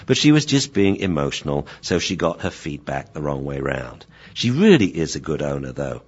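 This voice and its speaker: A man voicing a wise old male dog who calmly and gently advises a younger dog. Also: extremely low pitch, husky, voice pushed down, full character voice. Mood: reassuring. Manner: calm, gentle, measured advice. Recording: dull lo-fi recording.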